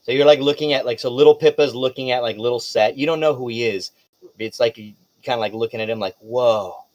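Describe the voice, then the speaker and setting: A man's voice: mid-range voice, fast talker, dry recording. A man running a tabletop game as game master, narrating loosely with casual swearing.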